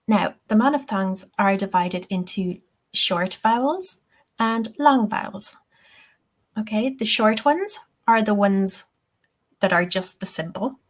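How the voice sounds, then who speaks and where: A young woman with an Irish accent teaching a webinar lesson, explaining step by step and often checking in with "okay?". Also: medium pitch. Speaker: TEFL teacher.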